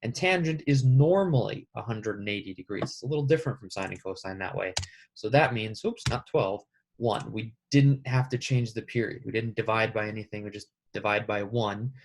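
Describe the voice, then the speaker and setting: A man's voice: on the low side, normal speed, a little hiss or hum. A man teaching a math lesson, casually talking through each step aloud. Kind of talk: screen-recorded math lesson.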